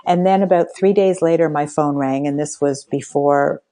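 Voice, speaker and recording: Lively older woman telling a story. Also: sits low, normal speed, rough recording. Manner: animated storyteller who acts out quoted dialogue. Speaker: podcast guest, spiritual coach. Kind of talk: storytelling in a casual interview.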